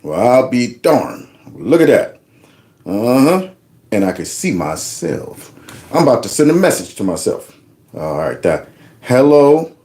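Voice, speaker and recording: A man's voice: mid-range voice, sing-song, unhurried, dark tone. Joking man hosting a livestream. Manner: loose, joking, folksy. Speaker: livestream host. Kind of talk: casual live commentary.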